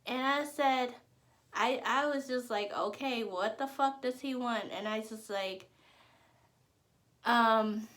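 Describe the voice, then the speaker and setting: A woman's voice: on the high side, slow pace. A woman from Arkansas, telling a story to her vlog audience in a blunt, profane, casual way. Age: adult. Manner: blunt and profane, animated when quoting others. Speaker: vlogger.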